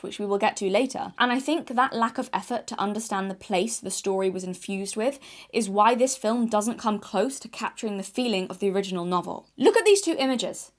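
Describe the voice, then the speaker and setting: A woman from Yorkshire with a mild English accent, giving an opinionated video essay in a blunt style with casual asides. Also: mid-range voice. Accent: mild English, no strong Yorkshire accent. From Yorkshire, England. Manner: opinionated, blunt, sometimes swears.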